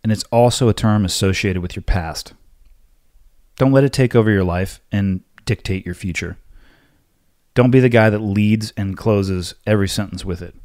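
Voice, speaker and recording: A man hosting a solo podcast, answering listener questions in a blunt, forceful, lecturing way. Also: lowish voice, dry recording, clean studio sound. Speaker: podcast host.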